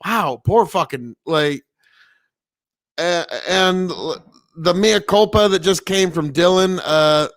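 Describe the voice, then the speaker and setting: A man's voice: high voice, slow pace, fairly bright tone, no echo, clean studio sound. A man from Nebraska, a farmer, talking casually and profanely on a livestream from inside an old family mill, rambling with many fillers. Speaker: farmer streaming commentary.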